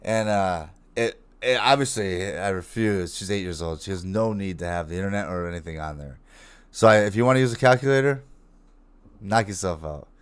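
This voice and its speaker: Man, lowish voice, co-host, casual morning show chat, laughs a lot, home desk mic. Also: brisk, clean tone. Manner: laughs often, relaxed storytelling.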